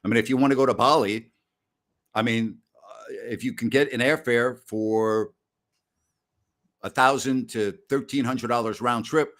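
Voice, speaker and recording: This middle-aged man hosts a sports talk live stream, chatting casually in a rambling, blustery way and breaking into loud mock rants. His mid-range voice has a steady tone, and he talks unhurriedly with long pauses.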